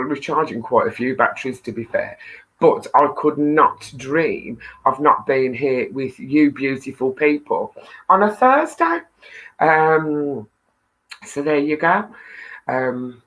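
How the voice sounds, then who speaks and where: A woman's voice: low voice, a bit bright, low-quality recording. A middle-aged woman hosting a casual live stream, greeting viewers and reading their comments in a chatty, self-deprecating way with frequent laughs and ums.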